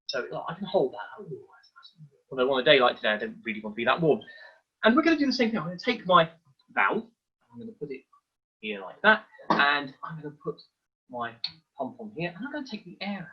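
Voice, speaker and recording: A man presenting a live online science demonstration for children, explaining each step in a lively, hands-on way. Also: a little high, quick pace, husky, muffled recording.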